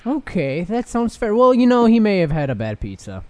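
A man co-hosting a loose, jokey livestream podcast, swearing freely and riffing. His voice sits fairly high and leaps around a lot in pitch. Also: wildly swooping pitch, moderate pace, no echo. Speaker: podcast co-host. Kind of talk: casual livestream banter. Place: home in Egypt.

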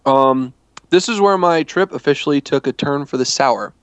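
A man's voice: fairly high pitch, moderate pace, clear, resonant tone, no room sound. Man rambling through a travel story. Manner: rambling, self-correcting storytelling. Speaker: storyteller in a chat. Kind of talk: casual chat.

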